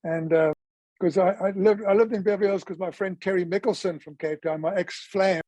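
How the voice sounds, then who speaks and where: High-voiced man in his sixties. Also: fairly even intonation, fairly quick, mellow, no room sound, poor audio. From South Africa. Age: 60s. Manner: chatty storyteller who acts out quoted dialogue. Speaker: interviewee. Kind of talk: casual life-story interview.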